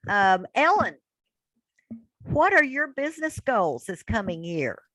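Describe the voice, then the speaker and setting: A woman's voice: fairly high pitch, sing-song, slow, bright, forceful tone, no echo, poor audio. A woman hosting an online business group meeting, calling on members and encouraging their goals. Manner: encouraging, upbeat. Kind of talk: casual group video call.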